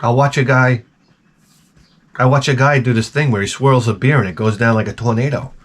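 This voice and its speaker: A man's voice: mid-range voice, steady tone, brisk. A man hosting his own video channel, delivering a crude, profane, rambling comedic rant to camera. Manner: jokey, exaggerated. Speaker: YouTube host.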